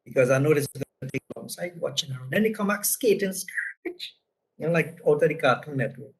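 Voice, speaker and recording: A man's voice: a little high, expressive, fast talker, low-quality recording. A man from Trinidad with a Trinidadian accent, presenting a business lesson through casual anecdotes and tagging his points with "right?". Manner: conversational, frequent "right?" tags.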